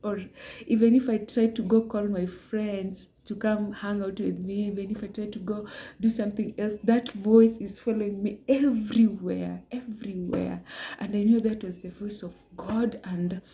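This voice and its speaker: A young woman giving an earnest personal testimony, often dropping into hushed half-whispers. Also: mid-range voice, fairly even intonation, moderate pace. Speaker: vlogger sharing a religious message.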